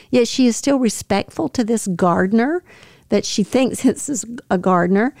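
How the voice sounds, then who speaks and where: Earnest woman with a gravelly voice. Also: sits high, dry recording, clean studio sound. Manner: earnest, tender, with soft laughs. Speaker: podcast host. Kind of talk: devotional podcast reflection.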